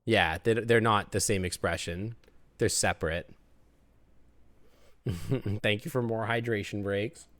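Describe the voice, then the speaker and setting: A man's voice: lowish voice, slow, pauses often, a bit bright, no echo. A man commentating a game on a live stream, playful and joking. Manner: playful, joking, laughs often.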